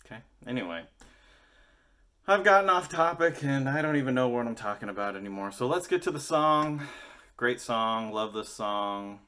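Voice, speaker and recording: A man's voice: mid-range voice, lively intonation, moderate pace, bright, forceful tone. A young man chatting casually and rambling to his viewers, joking and swearing as he wanders off topic. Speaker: musician vlogger. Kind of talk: casual rambling chat to camera.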